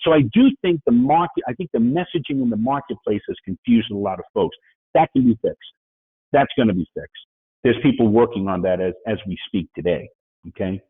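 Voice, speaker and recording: A man from New York with a New York accent, giving a fast-paced webinar presentation and checking in with "right?" and "okay?" as he goes. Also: mid-range voice, animated. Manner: fast-talking, frequent "right?" and "okay?" asides. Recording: phone-like, dry, husky sound.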